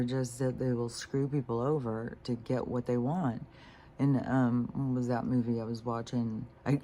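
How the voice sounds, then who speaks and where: A casual vlog monologue from a speaker of middling pitch who wanders between thoughts, trailing off into fillers and restarts. The tone runs indignant and disgusted, with loose swearing and moments that drop almost to a whisper. A faint ambient hum sits under the voice. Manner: meandering, with frequent fillers and restarts; drops to a soft near-whisper at times. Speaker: vlogger.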